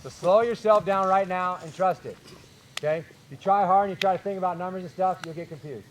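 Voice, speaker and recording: A man coaching baseball infielders on a field, calling out short, energetic drill cues and explaining technique. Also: sits high, brisk, a little hiss or hum.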